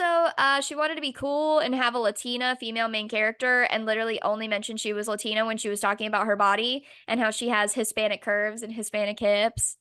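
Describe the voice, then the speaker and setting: A young woman co-hosting a podcast, ranting sarcastically in a casual, animated chat with some swearing. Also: fairly high pitch, smooth. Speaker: podcast co-host.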